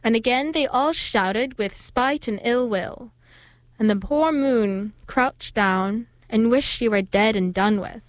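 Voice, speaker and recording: A woman reading an old folk tale aloud in a steady, expressive storytelling manner. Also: on the high side, slow pace, dry recording.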